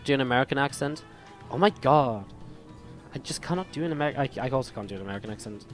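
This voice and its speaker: A man's voice: mid-range voice, lively intonation, racing, faint music behind. A man casting a live esports match, chatting to viewers in a rambling way, his voice slightly strained. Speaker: esports caster and host. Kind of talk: live play-by-play game commentary.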